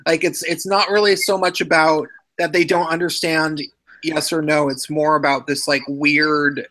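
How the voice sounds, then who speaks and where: Woman on a stream, bright edgy voice, keeps stammering and losing her thought. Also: sits low, little pitch movement, moderate pace, low-quality recording. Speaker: livestream participant. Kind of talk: casual group chat.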